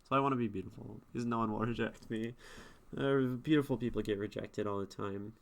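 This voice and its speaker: A young man on a live stream who reads poems aloud and critiques them, talking in a relaxed way and thinking aloud. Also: on the low side, a little fast, vocal fry.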